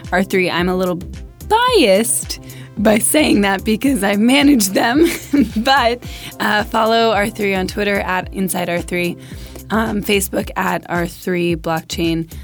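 A bubbly woman hosts a casual studio podcast, laughing often and tossing off jokes at her own expense. Her voice sits at an ordinary middle pitch, with faint music underneath. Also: animated, measured pace. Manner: bubbly, laughs often, self-mocking asides. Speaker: podcast host.

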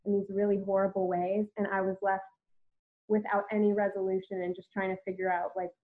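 In tinny, phone-quality audio, a podcast host shares a personal story with candor and reflection, peppering it with "like." She talks briskly at a medium pitch with little movement in her voice.

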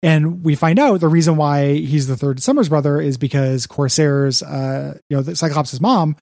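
A podcast co-host with a slightly high, a little mellow voice with vocal fry recaps a comic book at normal speed. His chat is casual and rambling, full of "you know" and "like." The recording is dry and studio quality.

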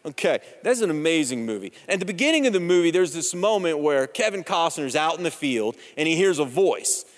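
High-voiced man preaching in reverberant hall. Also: sing-song, brisk. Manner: conversational, joking, storytelling. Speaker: pastor. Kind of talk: sermon with personal story. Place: church sanctuary.

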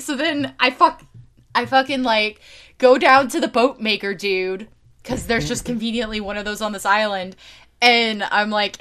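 A woman hosting a podcast, telling a video game story in casual chat, animated and swearing freely, with lots of fillers. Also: mid-range voice, normal speed. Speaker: podcast host.

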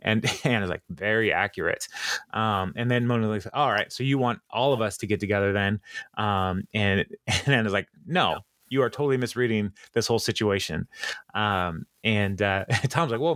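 A man hosting a podcast, retelling a TV episode in casual chat, with many ums and quick laughs. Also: lowish voice, fairly bright tone, dry recording. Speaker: podcast host recapping a TV episode.

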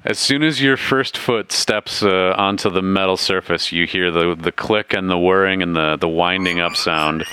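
A man narrating as game master of a tabletop game, relaxed and laughing often. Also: low-pitched, moderate pace, few pauses, smooth.

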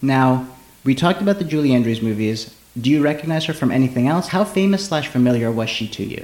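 A man's voice: medium pitch, expressive, fast talker, darkish tone. A man hosting a casual podcast, chatty and joking with mock sponsor asides. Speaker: podcast host. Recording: echoey room recording.

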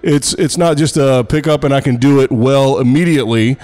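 A man's voice: medium pitch, moderate pace, darkish tone. A man hosting a podcast, a college tennis coach from the Pittsburgh area, asking rambling questions with jokes. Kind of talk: casual podcast chat.

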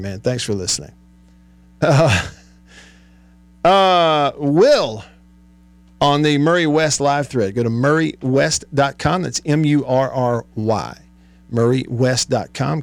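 A man's voice: fairly high pitch, no echo. Chatty man hosting radio. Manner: chatty, laughs often, gets worked up. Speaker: sports radio host. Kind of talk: casual radio talk, reading listener texts. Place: radio studio. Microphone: studio microphone.

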